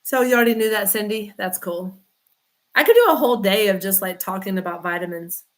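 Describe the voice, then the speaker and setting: Woman, chatty livestream host, rambling, greets viewers by name, middle pitch. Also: lively intonation, a little fast. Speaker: chiropractor hosting a livestream. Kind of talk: casual livestream chat reading comments.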